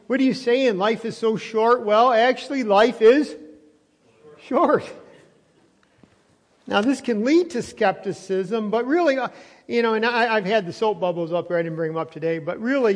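A man, a pastor, preaching a conversational sermon while chewing gum, with frequent restarts and rising emphasis. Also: high voice. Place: church sanctuary. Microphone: not wearing his lapel mic. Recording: long hall reverb.

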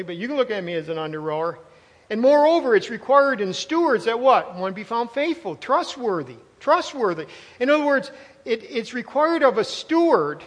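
A man's voice: high-pitched, fairly bright tone. A man preaching a sermon as pastor, emphatic and conversational, repeating words for stress and adding asides. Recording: long hall reverb.

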